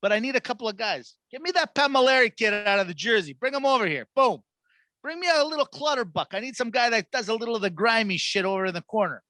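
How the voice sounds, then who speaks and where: Man impersonating a brash old hockey boss, high voice, punchy, dry close sound. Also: animated, fast talker, sharp tone, no echo, exaggerated voice. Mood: wheeling-dealing. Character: brash older male hockey executive recruiting players.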